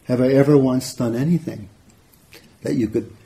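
Guy playing a kind horned ox, soft sweet voice, super calm, mellow and even. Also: medium pitch, normal speed, gravelly, slight background noise, lightly acted. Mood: gentle reproach. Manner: calm and patient. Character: gentle loving male ox with horns.

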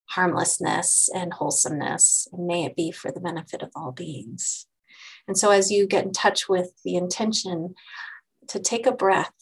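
A woman meditation teacher giving a dharma talk to her group, gentle and unhurried, pausing and restarting often. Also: medium pitch, poor audio.

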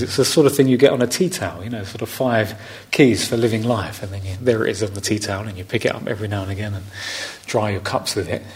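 A man, a meditation teacher giving a gentle, reflective dharma talk on a retreat. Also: medium pitch. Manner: gentle, reflective, unhurried with soft laughs.

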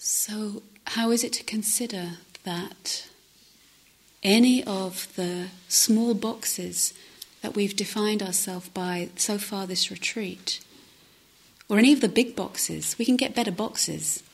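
A woman meditation teacher giving a gentle, reflective dharma talk at a retreat, often dropping to a soft near-whisper. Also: medium pitch, slow. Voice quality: breathy, often drops to a whisper. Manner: gentle, reflective, with hesitant restarts. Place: retreat center meditation hall.

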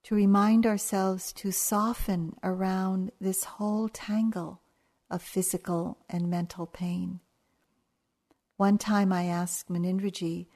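An older woman giving a dharma talk as a meditation teacher, telling stories in a gentle, unhurried way. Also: medium pitch, flat delivery. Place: retreat hall.

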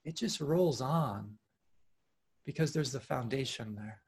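A man teaching meditation at an online retreat, speaking earnestly and with animation, often restarting his phrases and laughing softly. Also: mid-range voice, slow pace, breathy edge. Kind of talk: dharma talk at an online retreat. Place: home, over a video call.

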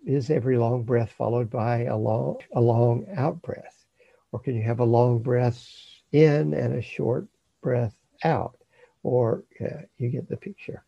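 A man teaching meditation, giving slow, calm instruction with long pauses. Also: medium pitch, gravelly, breathy edge, no room sound, highs cut off.

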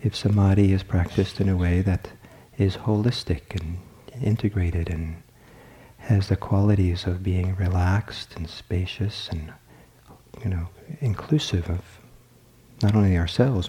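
Man, meditation teacher, dharma talk, lowish voice, gentle and reflective, halting restarts.

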